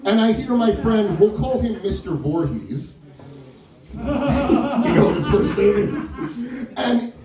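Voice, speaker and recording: A man performing stand-up, telling a story in an animated way and acting out the other people's lines. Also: high-pitched, takes it slowly, pauses often. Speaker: stand-up comedian. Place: small wine lounge stage. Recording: echoey room with mic far off, crowd audible. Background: audience laughter and crowd chatter.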